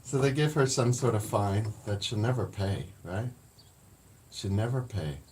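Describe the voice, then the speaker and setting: A man's voice: lowish voice, lively intonation, unhurried, a little mellow, a little hiss or hum. A man who hosts a livestream, chatting casually in a blunt, profane, rambling way. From Canada. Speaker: livestream host.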